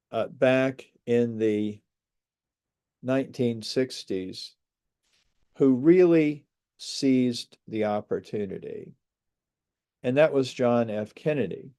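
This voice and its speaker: A man giving an earnest, reflective presentation talk, speaking in a measured way with frequent pauses. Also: medium pitch, warm tone, clear, resonant tone. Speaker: speaker on space migration. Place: lives outside a large US city.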